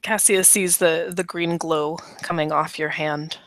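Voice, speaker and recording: A woman playing in a tabletop game, narrating her character slowly and quietly. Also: sits low, steady tone, dry recording. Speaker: player.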